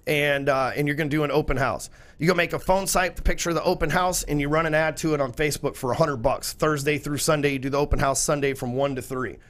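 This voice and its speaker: A man's voice: a little high, fast, fairly bright tone. A man, a podcast guest talking in a blunt, profane, salesy way. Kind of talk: casual chat.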